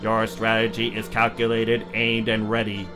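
A man voicing a calm, formal talking car computer with a clipped, flat delivery. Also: fairly low pitch, normal speed, music in the background, lightly acted.

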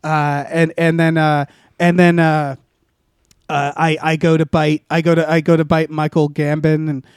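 A man's voice: on the high side, level tone, normal speed, clear, resonant tone, no room sound, studio quality. Rambling man spinning a comic story. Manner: rambling, full of uh and restarts. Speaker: podcast co-host.

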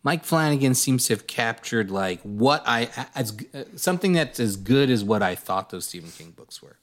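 A man's voice: medium pitch, animated, moderate pace, a bit bright. A man hosting a podcast, teasing and arguing playfully with his co-hosts. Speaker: podcast host. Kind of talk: casual chat.

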